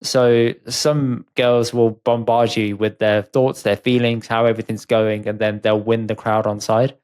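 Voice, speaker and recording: A man's voice: on the low side, little pitch movement, a little slow, a little mellow, smooth. A man co-hosting a podcast, chatting casually and giving opinions, often acting out what others said. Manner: opinionated, chatty, acts out quotes. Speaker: podcast co-host. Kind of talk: casual chat.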